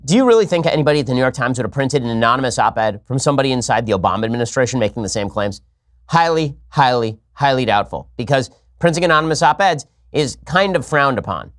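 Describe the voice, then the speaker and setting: A male host delivers a political commentary monologue. His voice sits in a mid range, and he speaks quickly with sarcastic, argumentative jabs. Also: medium pitch, expressive, a bit bright.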